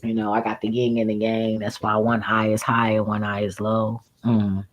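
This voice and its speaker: A woman streaming a casual, profane rant, animated and laughing often as she talks. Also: extremely low pitch, normal speed, rough recording. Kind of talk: casual ranting monologue.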